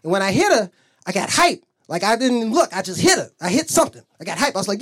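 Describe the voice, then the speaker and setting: A male comedian working a club stage with loose, rambling stories. His pitch swings widely as he jumps between his own voice and the people he quotes. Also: lively intonation, fast talker, fairly bright tone. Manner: loose storytelling, acts out both sides of arguments. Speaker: stand-up comedian. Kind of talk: stand-up set.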